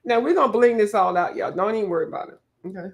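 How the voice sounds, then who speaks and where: A woman's voice: mid-range voice, very fast. A woman hosting a painting livestream, laughing a lot and teasing viewers as she reads the chat.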